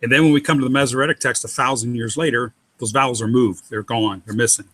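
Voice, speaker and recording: Bright-voiced man teaching Hebrew syllables. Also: medium pitch, fairly even intonation, fast talker, slight background noise. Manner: patient, methodical, spells out letters.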